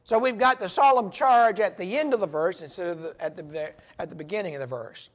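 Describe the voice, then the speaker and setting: A man's voice: sits high, brisk, fairly bright tone. A man teaching a Bible study, earnest and emphatic, stressing key words as he reads verses aloud.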